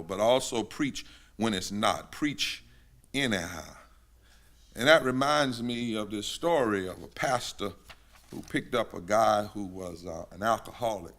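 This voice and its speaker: A man preaching a sermon at a synagogue gathering, rhythmic and repetitive, building to shouted climaxes. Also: fairly low pitch. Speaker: pastor.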